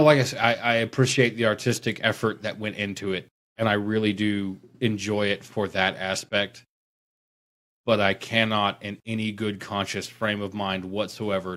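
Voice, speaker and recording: A man chatting casually on a podcast about wargaming, talking in a rambling, animated way. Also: fairly low pitch. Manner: rambling, animated, mocking impressions. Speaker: podcast guest; tattoo artist.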